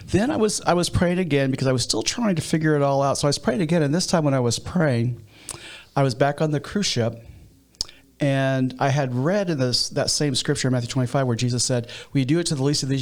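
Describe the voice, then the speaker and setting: A man with a Midwestern American accent, a pastor who leads a nonprofit, telling stories in an interview with many restarts. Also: mid-range voice. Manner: storytelling, with frequent restarts. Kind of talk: interview conversation.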